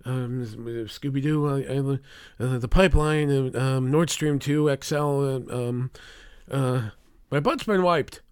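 A man doing a mocking impression of a muddled old male politician, halting and full of fumbling fillers. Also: medium pitch, a little mellow, clear, resonant tone, no echo, studio quality, natural voice.

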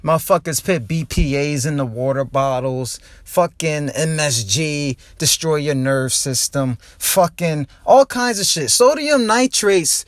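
A young comedian from New Jersey with a slightly high voice rants angrily from his car on his own podcast, swearing heavily throughout the monologue. The sound is clean studio quality with no echo.

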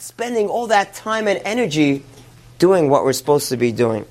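Animated storytelling male rabbi. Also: on the high side. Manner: animated retelling, quick asides. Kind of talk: storytelling sermon.

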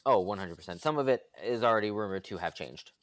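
A man co-hosting a podcast in a casual group chat, talking in a relaxed, rambling way with fillers. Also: lowish voice, fast talker, dry recording. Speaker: podcast co-host.

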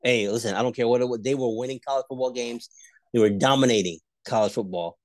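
A man's voice: fast talker, no echo. Man, sports podcast co-host, casual debate, voice leaps up when arguing, dry close sound. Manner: animated, pitch jumps high when arguing.

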